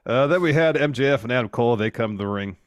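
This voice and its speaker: A man's voice: mid-range voice, expressive, fast talker, no room sound, studio quality. A man co-hosting a podcast, recapping the week's events at length in casual, joking chat. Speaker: podcast co-host.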